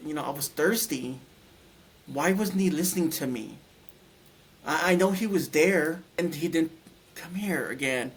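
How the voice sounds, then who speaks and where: A man recounting a near-death experience as an interview guest, speaking haltingly with many restarts and repeated words, and growing tearful when moved. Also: fairly high pitch. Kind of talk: emotional personal account.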